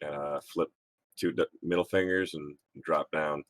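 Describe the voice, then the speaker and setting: Man with a very deep voice. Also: fairly even intonation, measured pace, fairly bright tone. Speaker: player. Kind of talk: tabletop game play.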